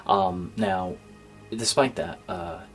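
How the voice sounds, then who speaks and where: A man talking casually to his gaming channel's viewers in a subdued, low-spirited way, halting with fillers and sometimes dropping to a near-whisper. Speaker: gaming YouTuber. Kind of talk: casual thank-you vlog. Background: faint background music.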